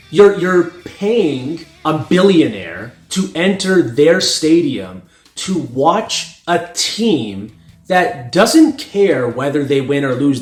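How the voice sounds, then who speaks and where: Blunt, profane North American man ranting. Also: fairly high pitch. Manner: blunt, profane, laughing at his own points. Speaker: strength coach and channel host. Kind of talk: casual opinion monologue. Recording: echoey room with faint music.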